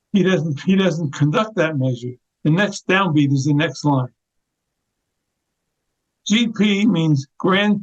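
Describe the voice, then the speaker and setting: An older man, an orchestral percussionist, explaining note markings as an interview guest, often repeating words as he demonstrates. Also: a little high. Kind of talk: explaining, teaching. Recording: lo-fi, dull sound.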